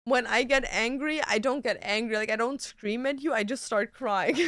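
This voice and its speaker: High-voiced ranting young woman streamer. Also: moderate pace, fairly bright tone, no echo, clean studio sound. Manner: ranting storytelling with frequent likes and swearing. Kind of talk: casual livestream chat.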